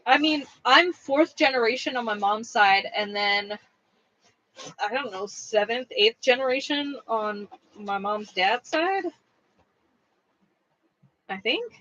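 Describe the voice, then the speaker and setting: A woman's voice: fairly high pitch, expressive, slow pace, pauses often, a bit bright, dull audio. A young woman hosting a craft livestream, chatting casually and rambling with lots of fillers as she reads comments. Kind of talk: casual chat reading live comments.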